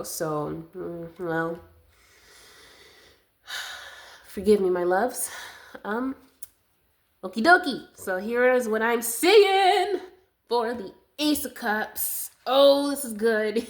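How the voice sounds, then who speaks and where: A woman doing a collective tarot reading to camera, soothing and affectionate, a little winded. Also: medium pitch. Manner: slow, soothing and affectionate, calls viewers loves and darling. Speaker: tarot reader.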